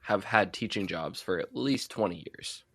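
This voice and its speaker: A man's voice: low voice, moderate pace, a bit bright, slightly rough. Twenties man, podcast co-host, casual banter, playful and theatrical. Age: 20s. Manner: playful, mock-dramatic teasing. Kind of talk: casual chat.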